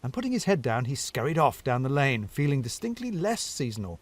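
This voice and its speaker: Brief: male narrator, lively storybook reading, dry close-miked sound. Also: mid-range voice, fairly quick, no room sound.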